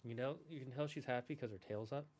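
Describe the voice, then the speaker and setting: Male streamer, mid-pitched voice, relaxed rambling chat, affectionate tone. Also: quick pace. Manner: chatty, rambling, affectionate with his cat. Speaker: gaming streamer. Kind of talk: casual chat.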